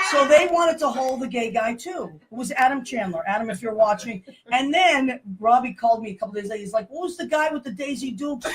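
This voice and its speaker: A woman, hosting a show with loud, laughing, rambling talk. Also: a little high. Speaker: host. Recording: noisy room sound.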